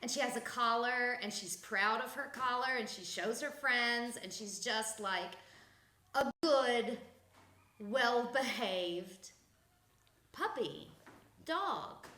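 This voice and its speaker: A woman's voice: fairly high pitch, normal speed, hardly any pauses, pushed and bright, roomy sound. A woman hosting a casual spiritual podcast, blunt and profane, laughing often as she talks. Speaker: podcast host.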